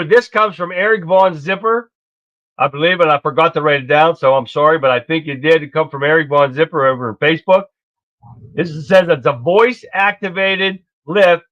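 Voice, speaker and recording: A man's voice: on the high side, bright, forceful tone. A man hosting a casual political live stream, folksy and chatty, greeting viewers by name. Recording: dull lo-fi stream audio.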